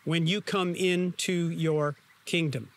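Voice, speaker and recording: A man's voice: a little high, steady tone, slow pace. A man voicing a repentant male criminal on a cross who speaks earnestly in a sermon retelling.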